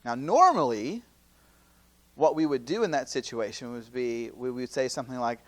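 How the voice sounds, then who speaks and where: A campus minister in his thirties giving a conversational teaching talk at a youth seminar, full of rhetorical questions and quick acted-out quotes. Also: mid-range voice. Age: 30s. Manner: acts out quoted speakers in lively asides.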